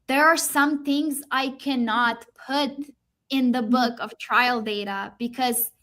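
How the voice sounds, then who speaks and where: A woman's voice: fairly high pitch, fairly even intonation, takes it slowly, fairly bright tone. A woman appearing as an agriculture specialist guest, explaining things eagerly in conversation. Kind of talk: conversational interview.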